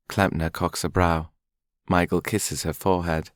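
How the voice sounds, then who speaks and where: A deep-voiced man gives measured, even scripted narration of a romance audiobook. The audio is dry, a clean studio recording.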